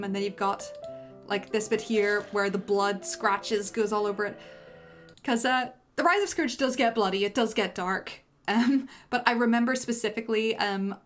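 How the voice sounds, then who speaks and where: A young woman giving loose, self-deprecating director's commentary on her own animation during a livestream, full of fillers. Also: medium pitch. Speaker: animator and streamer.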